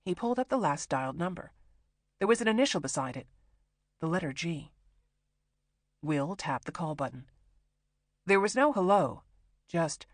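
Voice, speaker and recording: An audiobook narrator reading a crime thriller in a steady, tense storytelling manner. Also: medium pitch, moderate pace, pauses often, dry recording. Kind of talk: scripted narration.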